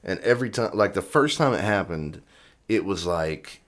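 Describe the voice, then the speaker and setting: Male podcast co-host, low voice, loose storyteller who acts out quotes. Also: animated, normal speed, a bit bright. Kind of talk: casual chat.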